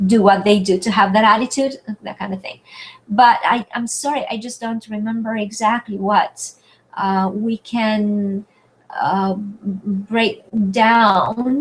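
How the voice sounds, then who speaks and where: A woman's voice: medium pitch, fairly even intonation, slow, rough recording. A woman with a French accent teaching pronunciation on a live video-call webinar, hesitant and searching for words with many fillers. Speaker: French tutor hosting a webinar. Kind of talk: live online Q&A lesson. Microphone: computer mic on a video call.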